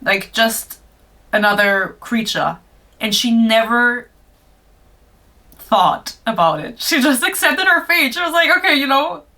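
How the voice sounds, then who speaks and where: Chatty young woman, bright voice. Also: on the high side, lively intonation, takes it slowly, long pauses, distant mic. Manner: chatty, sarcastic, swears and laughs. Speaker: book reviewer. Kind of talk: casual book review chat.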